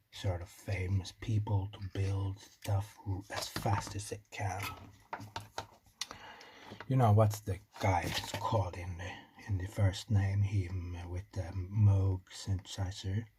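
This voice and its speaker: At his home workbench, a DIY electronics channel host with a non-native English accent and a lowish voice talks casually through building a circuit. He rambles with joking asides and mutters to himself, while clicking and typing sounds come through clearly behind him.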